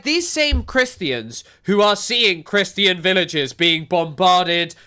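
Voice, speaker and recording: A man's voice: high voice, sharp tone. A man giving casual, sarcastic reaction commentary on a news clip, with profane, rambling asides.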